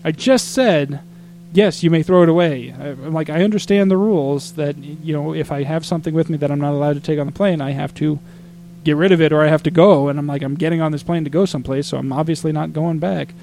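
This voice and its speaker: Speaking fast with vocal fry and a voice on the high side, an Arizona man tells a rambling travel story in casual podcast conversation, his voice slightly raised. He becomes animated and exasperated, jumping into mocking quotes of others, with a faint hum in the background.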